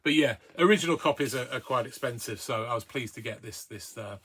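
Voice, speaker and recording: A man talks through his record collection in a loose, rambling way, full of ums and uhs. His voice is bright and forward, pitched in a middling range. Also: fairly quick, slightly rough. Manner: hesitant, many ums and uhs, chatty. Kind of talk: casual record review.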